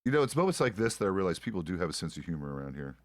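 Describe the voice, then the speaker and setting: Middle-aged man, very low register, rambling profane role-play banter, dry sound. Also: big pitch swings, rapid-fire, no room sound. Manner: rambling and profane, with many restarts. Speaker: streamer playing a frontier deputy. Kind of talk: casual role-play chat.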